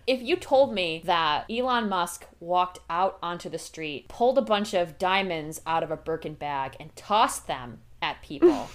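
A young woman co-hosting a podcast, chatting casually, animated and quick to laugh. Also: fairly low pitch, a little hiss or hum. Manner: animated, laughs often, riffs on jokes. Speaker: podcast co-host. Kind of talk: casual chat.

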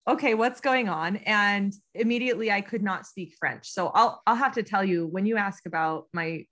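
A woman's voice: mid-range voice, normal speed, fairly bright tone. An American woman in her thirties, a podcast guest recounting a story with lots of ums and laughter. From United States. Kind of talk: casual storytelling interview.

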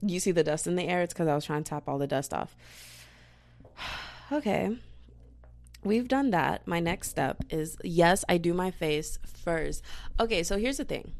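Young woman doing her makeup and chatting, kinda gravelly low voice, goofy and self-mocking, bad bedroom audio. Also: lively intonation, moderate pace, pauses often, a little mellow. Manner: goofy, rambling, self-mocking, talks to viewers as "y'all" and "girl". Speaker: makeup vlogger. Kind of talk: casual chatty makeup tutorial. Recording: poor quality audio.

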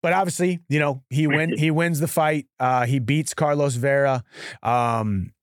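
A man's voice: on the high side, steady tone, measured pace, no room sound, studio quality. A man in his thirties hosting a casual podcast chat, rambling and restarting his sentences. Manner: chatty, rambling with frequent restarts. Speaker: show host.

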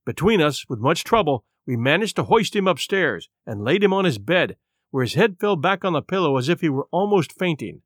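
A man narrating a classic adventure audiobook in the first person, expressive and measured. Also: fairly high pitch, dry recording, clean studio sound.

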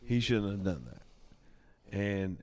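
A man's voice: fairly low pitch, slow pace, darkish tone, a little hiss or hum. A man, a caddie, telling a story in a laid-back way with plenty of "like" and casual swearing. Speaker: tour caddie, guest.

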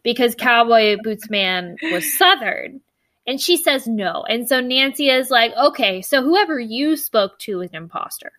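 A woman's voice: a little high, lively intonation, unhurried, a bit bright, no echo. A woman co-hosting a podcast, retelling a mystery novel in a chatty, puzzled way with many restarts. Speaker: podcast co-host. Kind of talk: casual book discussion.

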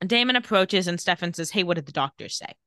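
Woman podcast host retelling an episode, bright forceful voice, dry close sound. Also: lowish voice, fast talker, no echo. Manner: animated retelling with quoted dialogue. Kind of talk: casual chat, retelling scenes.

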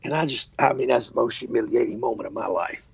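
A man's voice: mid-range voice, fast talker, vocal fry, slightly rough, dry recording, dull audio. An older man, an evangelist telling stories in a casual interview and acting out what people said. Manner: animated storyteller, acts out quotes. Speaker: traveling evangelist preacher.

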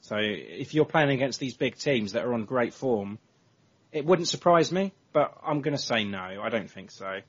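Husky hesitant English podcast host. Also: male voice, mid-range voice, expressive, normal speed. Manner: hesitant, repeats words, thinks aloud. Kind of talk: casual football podcast chat. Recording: dull lo-fi audio.

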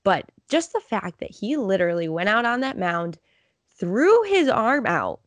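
A woman's voice: medium pitch, big pitch swings, a little slow, dry recording. A woman co-hosting a sports podcast, talking in an earnest, upbeat way as a fan. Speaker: podcast co-host. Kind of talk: casual sports podcast chat.

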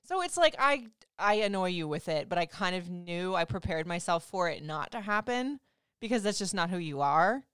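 A woman in her forties co-hosting a casual couple chat, animated and teasing, swearing freely. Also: lowish voice, moderate pace, smooth, no echo, studio quality. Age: 40s. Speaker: podcast co-host.

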